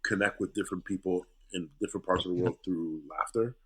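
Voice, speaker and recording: A middle-aged male comedian telling stories in a casual interview, animated and acting out voices. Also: deep voice, fast, breathy edge. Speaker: comedian guest.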